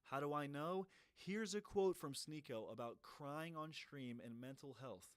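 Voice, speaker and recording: A man tears into video clips with profane, mocking commentary. His voice sits a little high for a man and sounds close and dry, with no room around it. He keeps up a biting, scornful tone. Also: unhurried, no echo. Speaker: commentary streamer. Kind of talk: reaction commentary.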